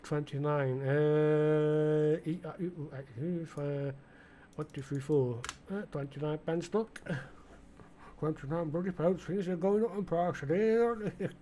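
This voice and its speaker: A man's voice: a little high, measured pace, dark tone, highs cut off. A middle-aged man with an East Midlands English accent, rambling casually with lots of fillers as he plays and chats to the game's customers. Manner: rambling, chatty, full of fillers, talks to game customers. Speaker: gaming channel host. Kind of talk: casual let's-play commentary.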